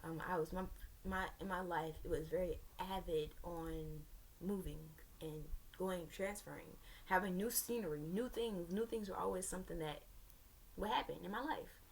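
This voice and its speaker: Young woman with a gravelly, creaky voice. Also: on the low side, normal speed, a little hiss or hum. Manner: sassy, animated asides to viewers; candid, rambling with restarts. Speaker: vlogger. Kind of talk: personal storytime vlog.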